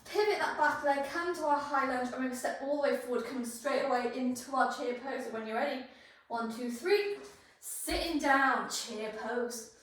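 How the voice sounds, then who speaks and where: A high-voiced woman guiding a yoga flow, cueing each pose and breath with encouragement. She is out of breath from the effort. Her voice rings through a very echoey room, picked up from a distance. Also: moderate pace, fairly bright tone. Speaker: yoga instructor. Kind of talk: guided yoga class instruction.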